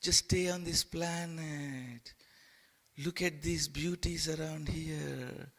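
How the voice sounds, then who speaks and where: A man's voice: fairly even intonation, heavily acted. A man putting on Maya, a coaxing temptress. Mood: seductive. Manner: coaxing, slow and hushed, turning shrill and scornful. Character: Maya, a seductive female temptress spirit.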